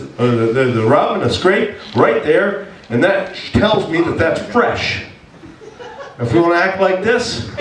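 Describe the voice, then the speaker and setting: Male pastor storytelling, lively and self-mocking, sounds kinda far off in a roomy echoey church. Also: medium pitch, background noise. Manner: animated, self-mocking, acts out his own complaints. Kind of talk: storytelling sermon. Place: church hall.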